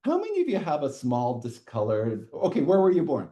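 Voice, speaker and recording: A middle-aged man lectures a university class, his pitch swinging widely as he explains. He chuckles at his own asides and keeps checking in with the room. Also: brisk, dull audio. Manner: lively, chuckles often, checks in with "okay".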